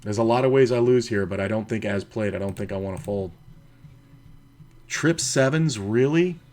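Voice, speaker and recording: A man's voice: fairly low pitch, fairly even intonation, fast talker, warm tone. A man streaming an online poker session, talking casually and profanely to himself about his hands and telling stories between plays. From United States. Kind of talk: casual commentary while playing online poker.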